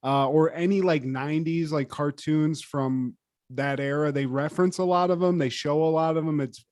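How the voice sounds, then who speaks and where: A man co-hosting a podcast in casual chat, animated and profane, with lots of fillers. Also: on the high side, moderate pace, no room sound, studio quality. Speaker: podcast co-host.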